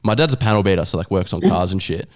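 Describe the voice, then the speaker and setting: Fast-talking low-voiced Australian guy. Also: lively intonation. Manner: rapid, blunt, swears freely. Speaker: podcast host. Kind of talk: casual podcast chat.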